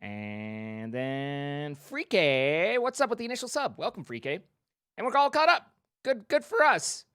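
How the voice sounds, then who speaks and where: A man's voice: a little high, big pitch swings, a little slow, pushed and bright, smooth, dry recording, clean studio sound. A man streaming live, casually thanking viewers by name and making playful joking asides. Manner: reads out donor names, playful joking asides.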